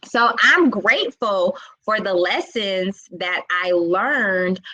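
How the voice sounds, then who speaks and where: A woman's voice: medium pitch, lively intonation, slow pace, sharp tone, no room sound, muffled recording. A woman hosting a live wellness session, speaking in a casual, reflective way with many fillers and asides to her viewers. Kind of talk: casual live-stream talk.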